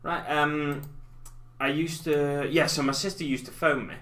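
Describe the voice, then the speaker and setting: Man, 30s, live-stream host; bright tone, chatty and self-deprecating. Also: on the high side, level tone, measured pace. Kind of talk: casual chat while painting miniatures. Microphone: desk mic in front of keyboard.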